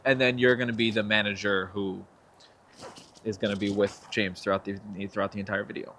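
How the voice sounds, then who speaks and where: Fairly low in pitch and fairly quick, this young man's voice comes with a little hiss or hum. As a filmmaker and actor guesting on a casual interview, he tells lively stories, performing the quotes and laughing along.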